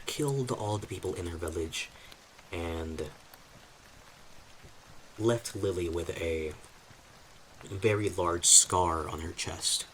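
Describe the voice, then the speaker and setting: A man's voice: deep voice, fairly bright tone, slight background noise, poor audio. A man streaming as a novice dungeon master, casually recapping his campaign in a chatty, self-deprecating way and talking to his chat.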